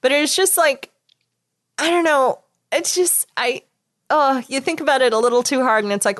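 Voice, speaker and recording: A woman's voice: sits high, normal speed, fairly bright tone. A woman co-hosting a podcast in casual chat, rambling a little and laughing as she talks. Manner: chatty, rambling with many "like" fillers, laughs. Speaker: podcast co-host.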